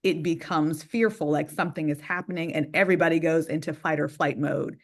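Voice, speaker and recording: A woman with a somewhat low voice, speaking thoughtfully in a relaxed conversation. She explains her ideas in a steady, measured way. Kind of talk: reflective conversational chat.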